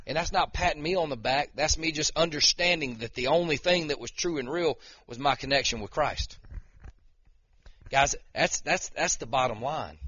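A man's voice: a little high, fairly bright tone, slightly rough, dry recording, lo-fi sound. A middle-aged man, preaching a casual, conversational sermon with frequent "okay?" and "right?" checks to his listeners. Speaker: lay preacher and wrestling coach.

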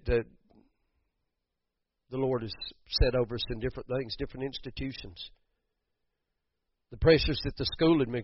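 A man's voice: medium pitch, no echo. A man preaching a sermon, building to emphatic bursts and repeating words as he goes. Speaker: pastor. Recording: dull muffled sound, dry.

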